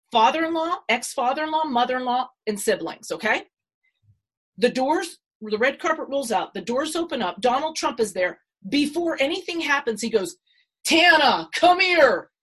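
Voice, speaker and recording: A middle-aged woman, a podcast guest, telling a story dramatically and acting out what people said with big swings in pitch and loudness. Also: slightly rough. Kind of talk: animated storytelling.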